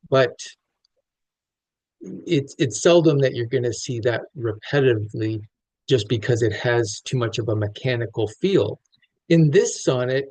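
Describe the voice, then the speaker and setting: A man's voice: medium pitch, darkish tone, no echo, poor audio. A man lecturing on a poem, thinking aloud with frequent restarts and fillers. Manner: thoughtful, many restarts and fillers. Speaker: literature lecturer. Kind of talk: close-reading lecture.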